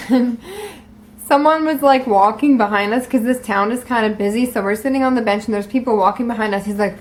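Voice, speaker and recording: Storytime vlogger: a young woman with a fairly high voice, loose, cursing and animated. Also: a little fast. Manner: profane, animated, full of likes. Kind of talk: casual storytime vlog.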